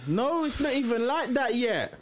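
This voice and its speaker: A man's voice: extremely high pitch, big pitch swings, moderate pace. A man, a podcast host telling a childhood story with laughter and acted-out voices of his parents. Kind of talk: animated storytelling among friends. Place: studio. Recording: noisy studio recording.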